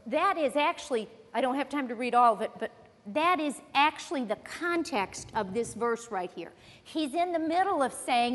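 A woman's voice: sits high, expressive, normal speed, fairly bright tone. A woman preaching a sermon, teaching earnestly and emphatically as she reads scripture aloud. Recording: long reverb of a large hall.

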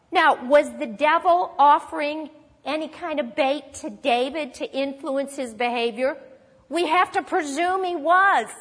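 A woman teaching a sermon on a psalm, expressive and lively, acting out quoted lines. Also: high-pitched, in a large hall. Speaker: Bible teacher.

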